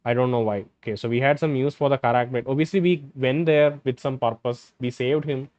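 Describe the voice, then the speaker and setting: A man playing a role-playing game, reading its dialogue aloud and thinking out loud between lines. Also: medium pitch, brisk, no echo, highs cut off. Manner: hesitant, restarts and fillers, reads dialogue in plain voice. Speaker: gameplay streamer.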